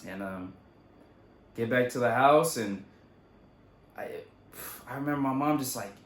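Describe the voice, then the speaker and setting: A man's voice: mid-range voice, unhurried. Young man telling a story in an echoey room. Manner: loose, profane, animated retelling. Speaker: vlogger. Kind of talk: casual storytelling.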